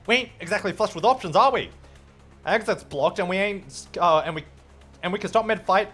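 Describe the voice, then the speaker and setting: A man voicing a rough-talking British male fighter with a cheeky, blunt, slangy manner in a video game. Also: sits high, brisk, fairly bright tone, faint music behind. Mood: cocky, exasperated. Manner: cocky slangy banter, gruff. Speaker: streamer voicing game dialogue.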